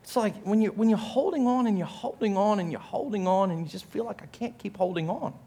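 Animated Australian pastor preaching, high voice. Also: male voice, fairly quick. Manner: animated storytelling, acts out quotes in a raised voice; self-mocking humor, laughs while telling stories. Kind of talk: sermon.

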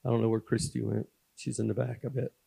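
A man's voice: medium pitch, little pitch movement, fast talker, gravelly, slightly rough. Folksy man preaching a testimony. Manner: folksy storytelling, swings from loud preaching to quiet confiding. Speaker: guest speaker at a church. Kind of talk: sermon testimony. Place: church sanctuary.

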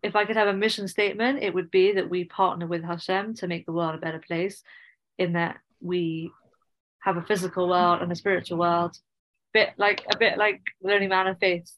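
A woman hosting a podcast interview, speaking in a calm, measured way. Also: lowish voice, highs cut off. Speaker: podcast host. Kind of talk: interview conversation.

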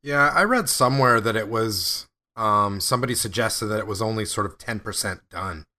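A man co-hosting a casual gaming podcast, easygoing and quick to laugh as he tells stories. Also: lowish voice, expressive, sharp tone. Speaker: podcast co-host.

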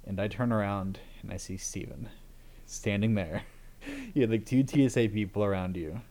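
A young man relaxed and easygoing in casual conversation, telling a story. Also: on the low side, normal speed.

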